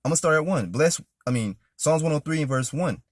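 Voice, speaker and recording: A man's voice: fairly high pitch, animated, no room sound, clean studio sound. Emphatic man in casual preaching. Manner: informal and emphatic, often ending with "man" and "all right?"; reads verses louder and slower, with sudden shouts of praise. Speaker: scripture reader and preacher. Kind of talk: casual scripture reading with commentary.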